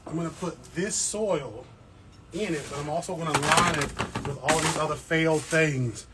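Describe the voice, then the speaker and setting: The recording is very noisy as a man with a slightly high voice, talking at a normal pace, hosts a laid-back plant livestream at home with his plants. He answers viewers' questions in a chatty, joking manner and often checks in with them.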